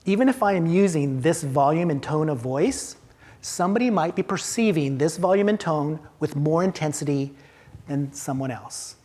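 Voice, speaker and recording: A man's voice: fairly high pitch, moderate pace, darkish tone. A man leading a training for theater staff, talking emphatically with rhetorical questions and acted-out reactions. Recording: long hall reverb.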